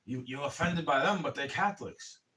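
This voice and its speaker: A man ranting on a livestream, rambling and swearing and calling the listener bro, getting louder in angry bursts. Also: fairly high pitch, a little fast. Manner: rambling and profane, keeps saying "bro"; angry, rising to shouting in bursts. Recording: voice a bit far from the mic.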